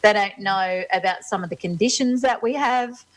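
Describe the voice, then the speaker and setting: A woman's voice: mid-range voice, normal speed, rough recording. A woman co-hosting a casual talk show, earnest and emphatic, often restarting her sentences. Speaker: co-host. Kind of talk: casual chat.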